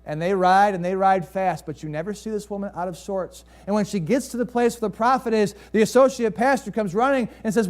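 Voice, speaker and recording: A pastor with a high voice preaches a little fast and with few pauses, telling a story to his congregation. He uses rhetorical questions and swings from lively rises down into quiet, hushed passages.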